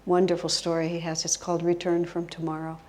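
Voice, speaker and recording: A woman's voice: fairly low pitch, monotone, fast talker, darkish tone. A woman giving a spiritual talk as a guest teacher, telling stories expressively and dropping to a whisper for emphasis. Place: retreat hall. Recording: long hall reverb.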